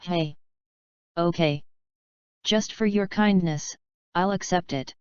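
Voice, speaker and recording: A woman voicing a cocky, sharp-tongued male student who speaks in an offhand, mocking way. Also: lowish voice, slow pace, clear, resonant tone, no echo. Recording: dull lo-fi dry recording.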